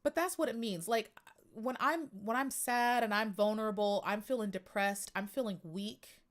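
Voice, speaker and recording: A woman's voice: mid-range voice, moderate pace. A woman hosting a podcast livestream, talking in a chatty, emphatic way and greeting viewers in the chat. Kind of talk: casual livestream monologue.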